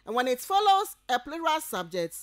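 A woman with a Ghanaian English accent gives a radio lecture to university students, going over each point slowly as though dictating and checking they keep up. Her voice is high-pitched and sing-song, with no room sound.

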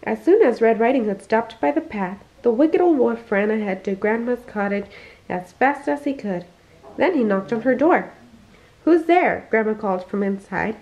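A woman reading a children's bedtime story aloud, expressive and slowing down for emphasis, on a dull lo-fi recording. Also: a little high. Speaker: family storyteller.

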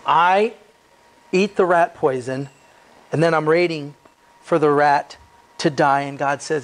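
Slightly high-voiced pastor preaching casually. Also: male voice, measured pace, long pauses. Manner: reads scripture then adds casual, joking asides; frequent rhetorical questions. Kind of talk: expository sermon. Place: church.

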